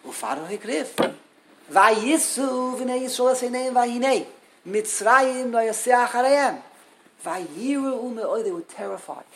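A man teaching a Torah class in an emphatic way, repeating key words and building to loud peaks. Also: sits high, vocal fry, slight background noise, low-quality recording.

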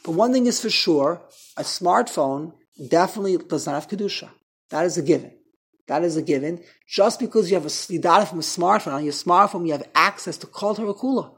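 A man's voice: sits high, a little fast, fairly bright tone, breathy edge. A man teaching an informal Torah class, chatty and rambling, often restarting his sentences. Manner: rambling, self-interrupting, frequent restarts. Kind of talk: informal Torah lecture to a small group.

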